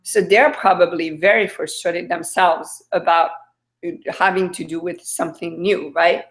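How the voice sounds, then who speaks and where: A woman's voice: lowish voice, fairly even intonation, unhurried. A woman from France with a French accent, hosting a casual video-call chat in a chatty, questioning way, often restarting her sentences. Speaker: host.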